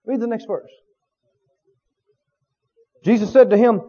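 A man's voice: high-pitched, slow pace, pauses often, slightly rough, highs cut off. A man preaching a sermon with emphasis, often asking the congregation questions.

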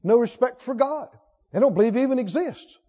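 A man preaching a sermon in a church, fervent and emphatic, swinging from loud to hushed. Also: extremely high pitch, expressive, brisk. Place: church sanctuary. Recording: lo-fi recording with long hall reverb.

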